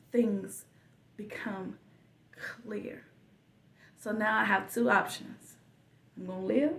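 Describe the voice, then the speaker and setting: A woman hosting a podcast, telling a personal story in a slow, reflective way with soft whispered asides. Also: fairly high pitch, creaky, distant mic. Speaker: podcast host. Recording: echoey room, voice a bit off-mic.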